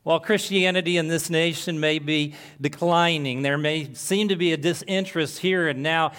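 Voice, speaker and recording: Earnest preaching man, slightly high voice. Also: steady tone, smooth. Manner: earnest preaching, swings from soft and slow to emphatic. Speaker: pastor. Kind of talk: sermon.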